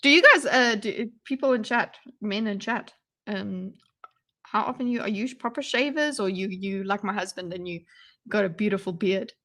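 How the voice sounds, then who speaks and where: A woman streamer reacting live to a video, rambling and excitable, breaking into loud yelps to her chat. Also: mid-range voice, normal speed. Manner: excitable, rambling, bursts into yelling.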